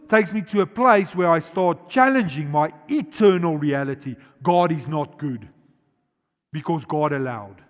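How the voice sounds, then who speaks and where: A man preaching a sermon as pastor. He swings between loud, urgent emphasis and quiet, slowly drawn-out words, and asks the congregation questions directly. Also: on the high side, animated. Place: large church auditorium. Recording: long reverb of a church hall.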